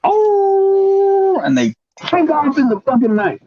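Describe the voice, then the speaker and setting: A man telling a hunting story in casual podcast chat, profane and animated, acting out the other people's voices. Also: very high-pitched, moderate pace, husky, no room sound, highs cut off. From grew up in the projects. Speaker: podcast host.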